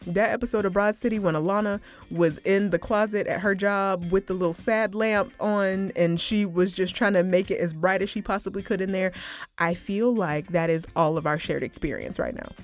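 A woman's voice: medium pitch, normal speed, faint music behind. A woman hosting a casual solo podcast, chatting informally, often saying "like" and "y'all" and swearing freely. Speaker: podcast host.

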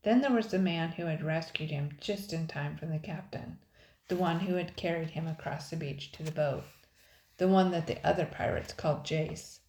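An older woman, a grandmother, reading a children's adventure book aloud in a measured, expressive way. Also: low-pitched. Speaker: storybook reader. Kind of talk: children's audiobook narration. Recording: roomy echo.

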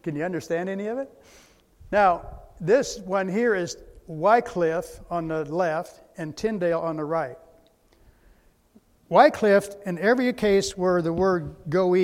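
A man's voice: high-pitched, a little mellow. A man giving a slide presentation lecture, methodical, spelling out words letter by letter. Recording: long hall reverb.

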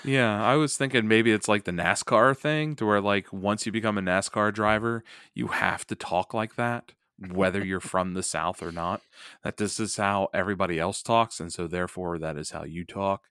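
Man, podcast cohost, casual chat, wry, laughs a lot, low smooth voice. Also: moderate pace, fairly bright tone, no echo, studio quality. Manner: laughs often, wry asides. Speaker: podcast co-host.

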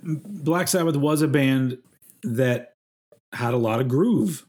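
A man's voice: mid-range voice, takes it slowly, a little mellow. A man co-hosting a podcast, chatting casually in a rambling, self-mocking way. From Texas. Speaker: podcast co-host. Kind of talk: casual chat.

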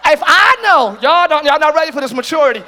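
A male pastor preaches with a very high voice, and his tone is bright and forceful. He swings into shouted peaks and calls to the congregation, dropping into casual slang and playful quoted voices. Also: lively intonation, fast talker. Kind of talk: sermon. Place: church hall with congregation.

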